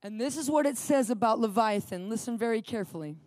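In clean studio sound with a dry recording, a middle-aged woman preaches in a slightly high, brisk voice. She's animated, tells a story from her own life, reads scripture dramatically, and keeps asking her audience questions.

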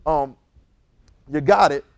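Man, preacher, sermon, fairly high pitch, animated, repetitive, call-and-response. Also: takes it slowly, vocal fry, dry recording. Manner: animated, repetitive, rising to loud emphatic bursts; calls on congregation to repeat phrases.

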